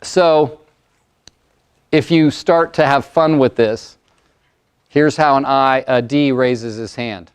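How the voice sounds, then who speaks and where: A man in his sixties, a motivational speaker and coach, telling stories and acting out voices in a lively workshop talk to an audience. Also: mid-range voice, slow pace, long pauses, smooth. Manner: animated storyteller, acts out client voices.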